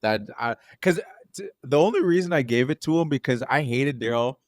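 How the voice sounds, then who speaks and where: A young man co-hosting a podcast, chatting casually about a film in a relaxed, agreeable way, chuckling often. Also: mid-range voice, brisk, no room sound, studio quality. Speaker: podcast co-host.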